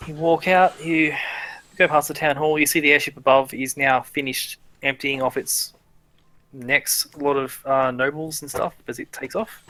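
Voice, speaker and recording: Game master, male, bright tone, loose chatty narration. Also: fairly high pitch, steady tone, normal speed, dry recording. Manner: casual, many fillers and restarts.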